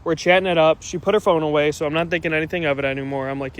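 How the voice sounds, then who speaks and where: A man's voice: a little high, rapid-fire. A man casually telling a story about a bad date, quoting himself as he goes. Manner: rambling, quotes himself. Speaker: storyteller in clip.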